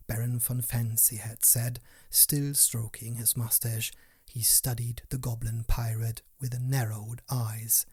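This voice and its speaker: A man narrating a storybook tale in a hushed, often whispered way. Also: medium pitch, flat delivery, slow, slightly rough. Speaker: audiobook narrator.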